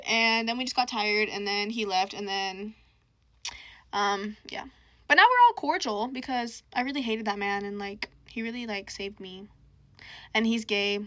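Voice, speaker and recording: A woman's voice: on the high side, fairly bright tone. A young woman telling a personal story in a casual storytime monologue, chatty and full of "like", quoting people in her own voice.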